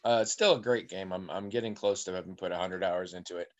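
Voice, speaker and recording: A man's voice: low voice, steady tone, fast. A man co-hosting a podcast, chatting casually and wandering off on digressions as he tells stories. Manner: rambling, digressive storyteller. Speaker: podcast co-host.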